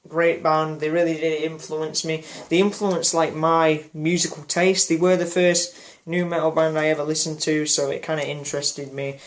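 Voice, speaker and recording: A man giving an unscripted personal reflection for his vlog, rambling and hesitant with many fillers and restarts. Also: fairly high pitch. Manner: apologetic about memory slips. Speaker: music vlogger.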